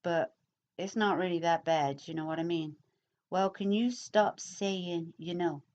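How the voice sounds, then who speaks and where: Slow-talking middle-aged woman, lo-fi recording. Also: lowish voice, darkish tone. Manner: slow, rambling, pausing, with many fillers. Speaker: YouTuber answering comments. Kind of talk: casual chat.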